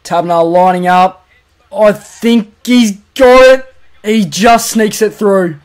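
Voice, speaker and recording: Excitable young Australian gaming commentator. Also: male voice, high-pitched, slow pace. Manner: swings from muttered asides to shouted goal calls. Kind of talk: excited play-by-play over a football video game.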